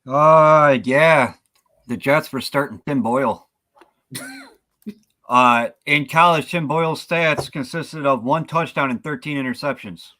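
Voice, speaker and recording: High, bright-voiced argumentative man. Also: a little slow. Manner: incredulous, argumentative. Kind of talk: casual sports talk.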